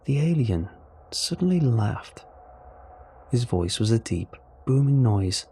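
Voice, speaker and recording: A man narrating a horror story in a measured, even storytelling voice. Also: medium pitch, a little hiss or hum.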